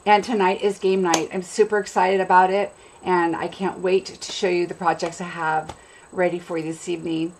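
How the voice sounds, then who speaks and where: A woman's voice: fairly low pitch, little pitch movement, normal speed, slight background noise, rough recording. A chatty, upbeat woman from California, sick with a cold and coughing now and then, hosting a casual craft live stream and greeting viewers by name. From California, USA.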